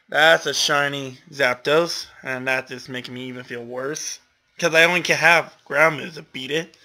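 Young male gamer, slow-paced casual commentary, self-mocking, exclaims a lot. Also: a little high, sharp tone. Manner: self-deprecating, exclamatory, laughs often.

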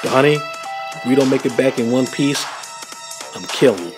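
A man's voice: mid-range voice, moderate pace, close to an everyday voice. Raph, a man doing a blunt tough young turtle. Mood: brash. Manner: blunt, teasing. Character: gruff young male turtle, teasing and tough. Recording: music playing under the voice.

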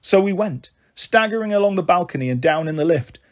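A man reading a children's novel aloud, narrating briskly in the first person. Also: high-pitched, animated. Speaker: storyteller.

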